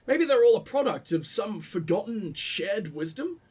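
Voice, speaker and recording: A man's voice: sits high, very animated, moderate pace, darkish tone, husky, full character voice. A man reading as an earnest young novelist's son. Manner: plain reading aloud, little character voice. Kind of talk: reading a game message aloud.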